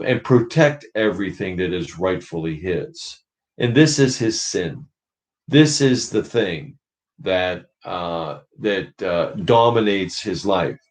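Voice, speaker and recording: Slow, low-voiced man leading a book study. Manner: thoughtful, searching for words. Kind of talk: church book study teaching.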